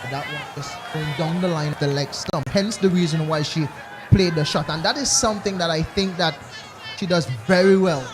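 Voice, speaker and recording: A man's voice: fairly high pitch, moderate pace. Chatty male cricket commentator. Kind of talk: live sports commentary. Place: outdoor cricket ground. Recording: loud crowd and outdoor noise.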